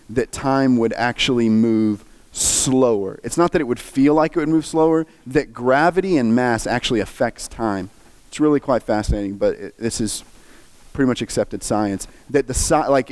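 A man's voice: mid-range voice, darkish tone. A man preaching, earnestly and emotionally retelling a story with feeling. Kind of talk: sermon storytelling.

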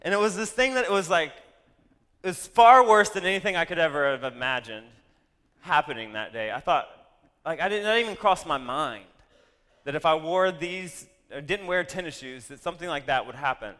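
A man telling a personal story to an audience, animated and full of self-deprecating asides. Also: a little high, moderate pace, long reverb tail.

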